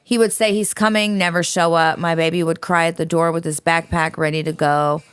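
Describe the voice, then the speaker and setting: Woman, podcast co-host, lowish voice, reads a story aloud, blunt, profane, dry room. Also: flat delivery, fairly quick, smooth, no echo. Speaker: podcast co-host reading a listener letter. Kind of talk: casual podcast chat, reading aloud.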